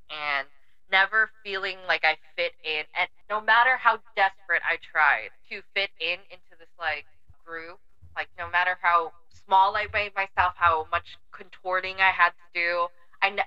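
A woman's voice: on the low side, sharp tone, clear, resonant tone, muffled recording. A woman guest on a podcast telling a personal story in casual chat, emphatic and swearing freely.

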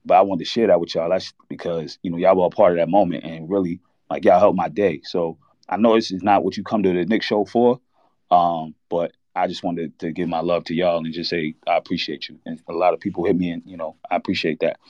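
A man hosting a sports talk show, telling a candid, halting story of losing his cousin. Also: sits low, steady tone, darkish tone, no echo, muffled recording. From New York. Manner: candid, halting, reliving a loss. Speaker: podcast host.

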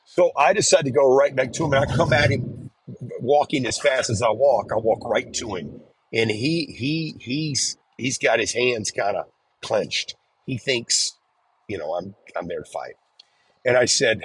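A man's voice: fairly low pitch, normal speed, husky, rough recording. A man earnestly recounting his own experience in a conversational storytelling style, often restarting his sentences. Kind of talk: personal storytelling.

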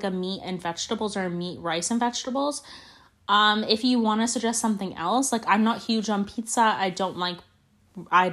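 A woman in her twenties talks through a casual solo podcast episode, meandering from thought to thought with plenty of fillers and self-corrections. Her voice sits at an ordinary middle pitch, and she leans into big, theatrical overstatements. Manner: rambling, chatty, full of "like" and restarts; dramatic, exaggerated declarations. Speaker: podcast host.

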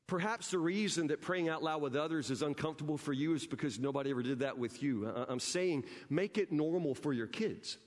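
A man with a high-pitched voice preaches from the pulpit in an emphatic, conversational way, stumbling over repeated words as he drives his points home. His voice rings out with a long reverb in a church sanctuary. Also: fairly quick, hardly any pauses. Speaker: pastor. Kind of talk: sermon.

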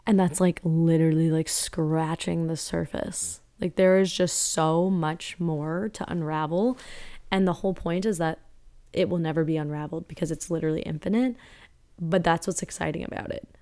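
A young woman talks alone on her podcast in a loose, earnest monologue. Her voice sits a little low for a woman. She wanders through her thoughts with plenty of "like" fillers. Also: steady tone, moderate pace, dark tone. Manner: earnest and rambling, many "like" fillers. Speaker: podcast host. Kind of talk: casual spiritual podcast monologue.

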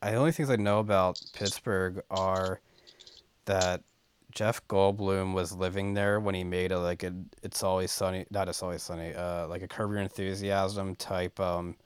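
A man's voice: low voice, flat delivery, normal speed, a little hiss or hum. A man chatting casually on a podcast, telling meandering anecdotes and laughing easily. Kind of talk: casual chat.

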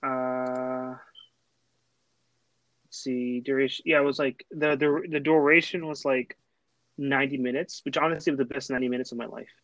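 A man's voice: mid-range voice, steady tone, normal speed, a bit bright, no room sound, low-quality recording. A young man from Texas, hosting a casual chat and telling a long, rambling story full of fillers and restarts. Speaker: host.

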